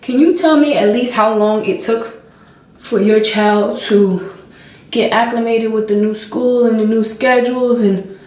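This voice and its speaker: Animated young woman, echoey room. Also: fairly high pitch, measured pace. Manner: animated storytelling, acting out her toddler's voice. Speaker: vlogger. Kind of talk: casual chat while doing makeup. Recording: roomy, distant home camera sound.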